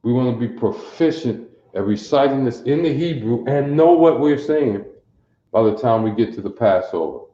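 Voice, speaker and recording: A man's voice: medium pitch, lively intonation, moderate pace, mellow, reverberant, highs cut off. A man from teaching a livestreamed Bible class, quizzing his listeners and repeating phrases over and over to drill them. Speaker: religious teacher.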